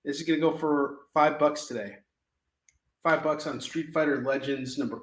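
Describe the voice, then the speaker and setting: A man's voice: fairly high pitch, steady tone, moderate pace, fairly bright tone. A man in his forties hosting a live shopping show, selling comics with jokey sales patter, goofy asides and frequent laughs. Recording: echoey room.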